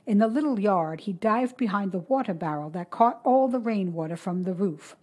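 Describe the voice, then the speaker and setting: A woman narrating a short story in a steady, measured reading voice. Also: medium pitch.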